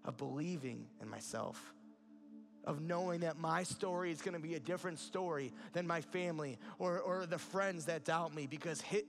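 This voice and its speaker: A man preaching a sermon with a slightly raised pitch. He speaks earnestly and builds toward emphatic peaks. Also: moderate pace, vocal fry. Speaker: pastor.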